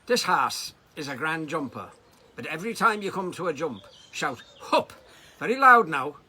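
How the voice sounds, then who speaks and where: A man doing a loud west-of-Ireland farmer. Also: fairly high pitch, sing-song, moderate pace, husky, voice pushed up, full character voice. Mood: insistent, exasperated. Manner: loud and insistent, yelling. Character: excitable male Irish farmer from the west coast.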